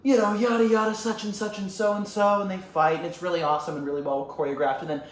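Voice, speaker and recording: A vlogger excitedly retelling a film scene, rambling and swearing for laughs. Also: medium pitch, fast, reverberant. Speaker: comedy vlogger.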